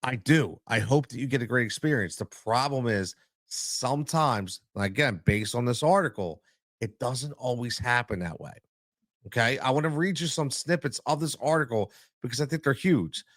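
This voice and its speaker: A blunt man hosts his own podcast, hammering each point home and saying it twice. He speaks at an ordinary middle pitch, close to the mic in a dry, dead room with no echo. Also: expressive, normal speed, a bit bright. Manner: emphatic, repeats points for stress; blunt, plain-spoken. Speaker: podcast host and youth coach. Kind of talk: solo podcast commentary.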